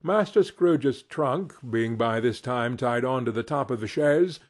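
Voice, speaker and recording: Slow, expressive male audiobook narrator. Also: mid-range voice. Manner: expressive storytelling. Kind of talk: scripted narration.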